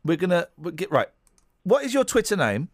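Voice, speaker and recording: A man hosting a radio show, his voice pitched a touch high and swinging widely up and down. He rambles and teases through his chat, close on a studio mic with a dry, dead sound. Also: brisk, no echo. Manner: animated, rambling, teasing. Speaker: radio host.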